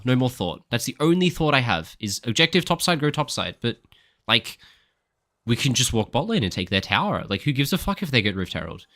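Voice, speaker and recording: A young man gives live commentary while he plays, his voice bright and ringing. His pitch swings widely as he talks, and he swears freely while calling out orders to his teammates. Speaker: streamer and coach.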